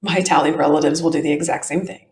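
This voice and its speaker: A woman's voice: sits low, fairly even intonation, fast, a little mellow. A woman hosting a show, reading a court transcript aloud and adding chatty, explanatory asides, with a tinny, echoey sound. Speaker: podcast host and reader. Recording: tinny echoey home recording.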